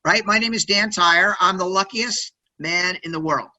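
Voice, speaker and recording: A man in his sixties, a podcast guest telling stories in a loud, high-energy, quirky way, often tagging sentences with "right?". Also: normal speed, dull audio. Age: 60s. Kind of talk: energetic interview storytelling.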